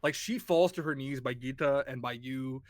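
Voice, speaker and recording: A man narrating a horror tabletop game as game master, casual and animated, swearing freely. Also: mid-range voice, normal speed, no room sound, clean studio sound.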